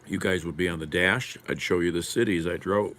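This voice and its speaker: A man's voice: low voice, steady tone, brisk, a bit bright, slight background noise. A man live streaming while eating lunch, chatting casually and wryly answering comments from chat.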